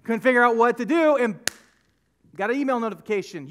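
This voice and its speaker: Animated high-voiced preacher. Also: male voice, brisk. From United States. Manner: animated, conversational storytelling with emphatic repetition. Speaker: pastor. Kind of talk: sermon. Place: church sanctuary.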